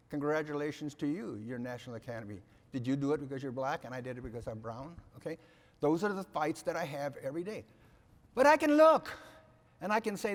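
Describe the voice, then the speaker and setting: Older male keynote speaker, emphatic and lively, with a long hall echo. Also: on the high side, moderate pace. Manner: emphatic, repeats "okay?" to the audience. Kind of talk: animated keynote speech. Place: conference hall. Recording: reverberant hall sound.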